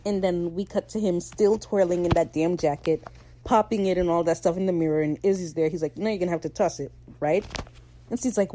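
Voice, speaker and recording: Chatty woman with a mellow voice. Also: lowish voice, brisk, slight background noise. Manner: animated, slangy, acts out characters' lines. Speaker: podcast host recapping a TV show. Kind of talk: casual chat.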